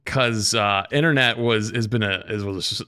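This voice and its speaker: A man streaming live, chatting casually with his viewers and telling stories in an animated way, jumping into other people's voices. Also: lowish voice, normal speed, clean tone.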